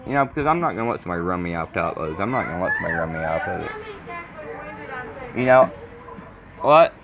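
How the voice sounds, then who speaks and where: A man's voice: lowish voice, big pitch swings, fast talker, creaky, pauses often, lo-fi sound, a crowd in the background. A man in his thirties, a vlogger talking to camera in a blunt, rambling way, repeating himself. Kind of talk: casual rambling monologue to camera.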